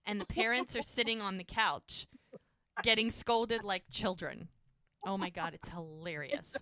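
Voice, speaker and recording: A woman's voice: mid-range voice, measured pace, no echo. A woman hosting a podcast, chatting casually as she recaps a TV episode and acts out the scenes. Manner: animated storyteller acting out scenes. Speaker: podcast host.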